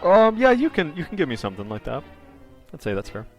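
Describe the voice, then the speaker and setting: A man running a tabletop horror game as game master, chatting casually with quick asides. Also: on the high side, huge pitch swings, soft background music.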